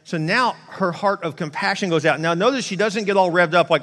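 High-voiced male pastor in a reverberant hall. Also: normal speed. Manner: conversational, animated, frequent restarts and quoted asides. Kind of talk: sermon. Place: large church hall.

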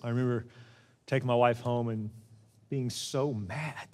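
A middle-aged male pastor preaching a sermon, telling a personal story in an earnest way that swings from loud and fired up to quiet and hushed. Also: mid-range voice, steady tone, measured pace, pauses often.

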